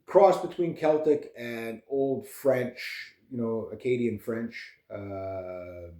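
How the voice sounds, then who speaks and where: A man with a mellow, relaxed tone talks in a loose, rambling way, full of fillers and half-started thoughts. His voice carries in a roomy, echoey space. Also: medium pitch, slow pace. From Canada. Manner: rambling, digressive, many fillers and restarts. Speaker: vlogger and musician. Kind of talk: casual rambling chat.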